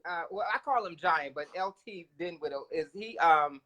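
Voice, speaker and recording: A man's voice: a little high, moderate pace, pushed and bright. A man co-hosting a casual talk show, speaking in a reflective, spiritual, conversational way. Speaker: co-host.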